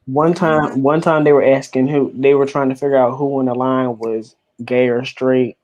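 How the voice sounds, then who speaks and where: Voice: medium pitch, flat delivery, moderate pace, darkish tone, dull audio. A co-host telling stories in a casual, emphatic podcast chat.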